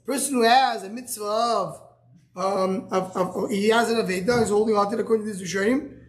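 Halting man teaching a Talmud class. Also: high voice. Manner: explains step by step, asks and answers himself; halting, restarts words. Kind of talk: live Gemara class.

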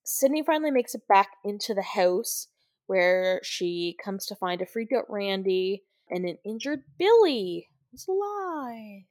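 A woman's voice: mid-range voice, sing-song, a little slow, a little mellow, no room sound, studio quality. A young woman co-hosting a podcast, giving a casual, chatty recap of a film and giggling often as she talks. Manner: chatty, giggly, many "like" fillers. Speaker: podcast co-host. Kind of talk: casual movie recap chat.

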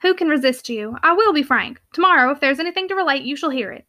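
A grave young mill owner, courteous but guarded, with each line kept in check, read by a woman. The voice sits high and bright for a man, and the words come measured and restrained. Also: animated, exaggerated voice. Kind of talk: audiobook character reading.

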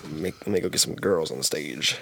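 A man's voice: very deep voice, a little fast, creaky, breathy edge. A man co-hosting a podcast in casual chat, telling a story and acting out everyone's lines. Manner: animated storyteller acting out quotes. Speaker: podcast co-host.

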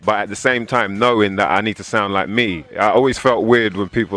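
Man, english accent, rapper, low voice, casual interview talk, quotes people in put-on voices. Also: fairly quick. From England. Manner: animated storyteller, acts out quoted voices.

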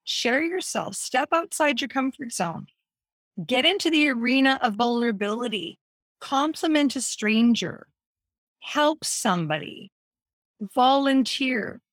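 A woman's voice: high-pitched, expressive, unhurried, no room sound. A woman talking about wellness in an earnest, encouraging way, stressing her key words. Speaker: wellness speaker. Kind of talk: casual health talk.

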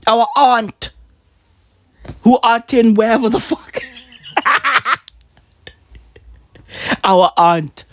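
A man's voice: very high-pitched, expressive, drawn-out words, long pauses, a bit bright, dry recording. A man in his thirties hosting a comedic solo podcast, rambling animatedly with slang and a constant "right?". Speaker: podcast host.

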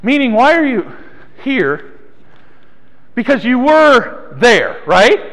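A man preaches to a small church, his voice sitting very high for a man. He teases listeners by name between points. The sound rings on with long hall reverb. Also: big pitch swings, slow, fairly bright tone. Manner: playful, teasing congregation by name. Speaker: pastor. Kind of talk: sermon.

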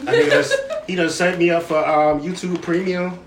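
A man's voice: high-pitched, little pitch movement, normal speed, far from the mic. Chuckling guy, offhand, group chat, echoey noisy room.

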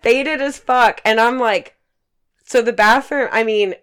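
A woman in her twenties telling a profane, animated story in casual chat, acting out quotes. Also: a little high, measured pace, clean tone.

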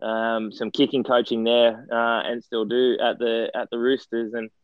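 An Australian man in a casual interview, spinning a self-deprecating yarn with plenty of ums, restarts and quoted dialogue. His voice sits at an ordinary middle pitch. The recording is dry and slightly muffled. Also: little pitch movement, moderate pace, clear, resonant tone, no room sound. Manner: rambling, self-deprecating storyteller with many restarts and fillers. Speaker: guest, former footballer and coaching director.

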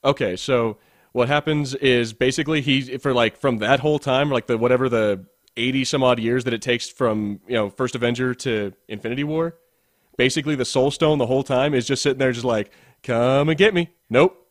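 A man's voice: mid-range voice, steady tone, fairly quick, no echo, clean studio sound. A man co-hosting a casual podcast, stumbling over words and laughing at his own jokes. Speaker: podcast co-host.

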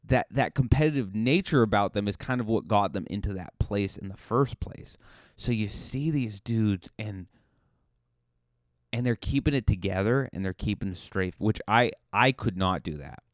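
Male podcast host, comic rambling monologue, clear low voice, dry close recording. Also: normal speed, no room sound. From Cape Cod, Massachusetts. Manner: joking, rambling, self-deprecating. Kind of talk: comedic monologue.

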